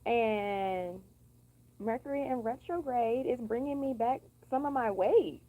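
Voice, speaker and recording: A sassy young woman talks straight to camera in a casual, profane vent. Her voice is mellow and warm, and it sits a little high. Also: unhurried, poor audio. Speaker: vlogger. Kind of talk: casual venting monologue.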